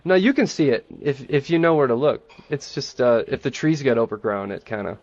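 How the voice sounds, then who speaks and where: A man giving an enthusiastic, playfully boastful pitch in a casual group chat, then taking questions. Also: animated, brisk, darkish tone, no room sound, muffled recording. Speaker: presenter defending a theme park in a group chat.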